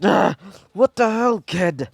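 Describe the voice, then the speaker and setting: A man's voice: high-pitched, expressive, takes it slowly, creaky, breathy edge, no echo, pitched above the performer's own voice, exaggerated voice. A man voicing a threatening male sludge monster villain. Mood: angry.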